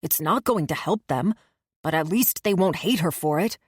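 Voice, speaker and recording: A woman's voice: deep voice, lively intonation, normal speed, husky, no room sound, studio quality. A woman voicing a blunt, protective young man who speaks sharply. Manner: blunt, snappish.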